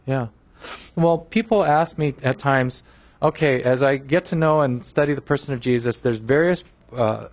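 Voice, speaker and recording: A man preaching a sermon in an earnest, emphatic way, often restarting his phrases, then leading a closing prayer. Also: medium pitch. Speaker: pastor.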